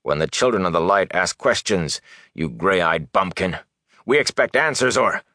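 A man's voice: low voice, animated, normal speed, sharp tone, no echo, clean studio sound. A man voicing an angry young male zealot soldier who speaks in a voice quivering with rage. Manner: growling, quivering with anger.

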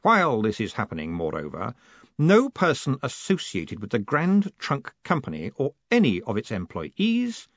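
A man voicing a cold, commanding male city ruler who speaks in a measured, precise, quietly menacing way. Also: medium pitch, wildly swooping pitch, dry recording, highs cut off, full character voice. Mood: cold calm.

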